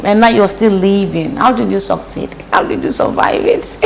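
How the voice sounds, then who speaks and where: A woman's voice: mid-range voice, moderate pace, vocal fry, slight background noise, low-quality recording. A woman hosting a casual cooking vlog in her home kitchen, giving repetitive, preachy advice as she cooks. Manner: preachy, repeats phrases for emphasis. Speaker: host.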